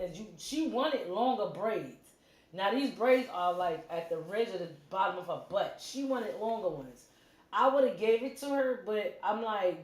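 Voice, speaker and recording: A middle-aged woman hosting a livestream from her home, telling a story in a casual, animated way and acting out the quotes. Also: mid-range voice. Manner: animated, acts out quotes, quick asides. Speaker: livestream host. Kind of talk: casual storytelling to a live chat. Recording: roomy echo.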